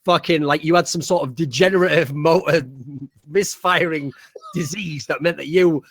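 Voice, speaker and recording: A young man co-hosting a podcast, roasting people in profane, rapid-fire banter. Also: a little high, a bit bright, no room sound. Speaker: podcast co-host.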